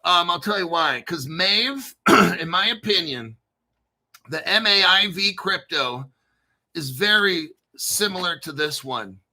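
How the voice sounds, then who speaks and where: A man in a loose, unscripted crypto stream, jumping between jokes, stories and coin talk with plenty of swearing. His voice is very bright and sharp, sitting a touch higher than most men's, and he takes his time with his words. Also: lively intonation, takes it slowly. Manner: rambling, profane, jokey. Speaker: crypto YouTuber. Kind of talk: casual unscripted livestream talk.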